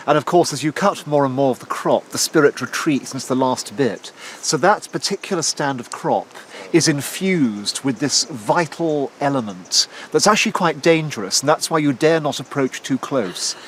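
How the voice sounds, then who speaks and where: A man's voice: mid-range voice, slight background noise, poor audio. A man, a historian, explaining in an enthusiastic, chatty way, outdoors in a field. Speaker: historian guest. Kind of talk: explaining on location.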